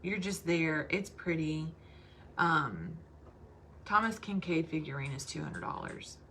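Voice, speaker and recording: Southern lady talking to her sales team on a livestream, bright voice, bit of hiss behind. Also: deep voice, unhurried. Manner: chatty, addresses listeners as y'all.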